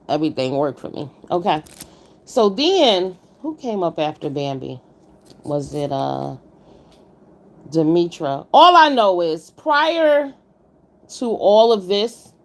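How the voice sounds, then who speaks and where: Woman streamer, blunt, slightly low voice, chatty commentary. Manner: blunt, greets chat viewers by name. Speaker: livestream host reviewing a contest. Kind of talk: casual livestream commentary.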